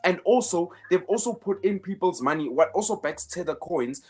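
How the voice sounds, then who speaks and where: A man's voice: high voice, lively intonation, moderate pace, darkish tone, slightly rough. A man hosting a finance show in casual commentary, emphatic, repeating words as he builds each point, with sarcastic asides.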